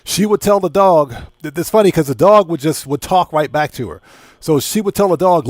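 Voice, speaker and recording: A man's voice: high-pitched, expressive, brisk, no echo, studio quality. Chatty man streaming a game. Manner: chatty, laid-back, laughs easily, greets viewers. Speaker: gaming streamer host. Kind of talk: casual live-stream chat while playing.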